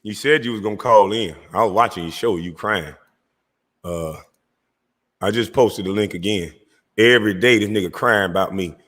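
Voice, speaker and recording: A man's voice: on the low side, moderate pace, a bit bright, big-room sound. A man hosting his own livestream, delivering a heated, mocking call-out aimed straight at a rival. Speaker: livestream host. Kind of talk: confrontational call-out rant.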